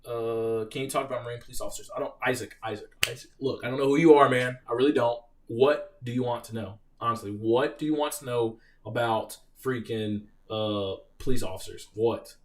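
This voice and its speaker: Young male streamer, mid-range voice, off-mic a bit; casual, animated, swears freely. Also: mid-range voice, normal speed, far from the mic. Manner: reads viewer questions, animated profane storytelling. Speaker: live stream host, Marine veteran. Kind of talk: casual live Q&A.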